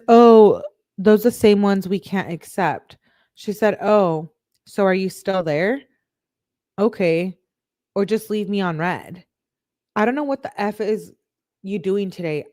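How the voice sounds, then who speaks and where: A woman's voice: on the low side, darkish tone. A woman hosting a true crime channel, reading text messages aloud in a casual way and breaking off for chatty asides full of fillers.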